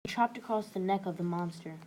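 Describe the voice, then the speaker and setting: A woman's voice: medium pitch, fast, a little mellow, poor audio. A woman reading a story aloud as one of several narrators, plain with small stumbles. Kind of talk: group read-aloud narration. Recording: clear background noise.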